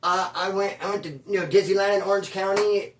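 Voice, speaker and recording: A man's voice: sits high, fairly even intonation, brisk, fairly bright tone, a little hiss or hum. A man who was in prison telling casual, profane stories full of slang, from California. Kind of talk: casual storytelling. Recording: echoey room, voice from far off.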